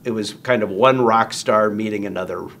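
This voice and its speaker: A man's voice: lowish voice, moderate pace, fairly bright tone, slight background noise. A man telling a long story in casual conversation, acting out quoted lines in raised voices. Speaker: guest storyteller.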